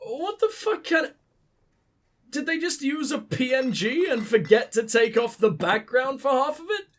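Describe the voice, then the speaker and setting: A man's voice: very high-pitched, animated, unhurried, a bit bright. A young man with a southern English accent, ill, giving sweary, sarcastic, rambling commentary over a game. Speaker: let's play host. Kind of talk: casual gameplay commentary.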